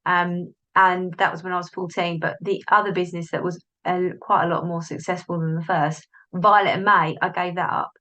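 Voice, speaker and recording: A woman's voice: lowish voice, little pitch movement, normal speed, hardly any pauses, sharp tone, poor audio. A woman hosting a solo podcast, talking in a chatty, self-interrupting way and acting out inner voices, recorded on a device's built-in mic. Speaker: podcast host, business coach. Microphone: device's built-in mic, not the plugged-in one.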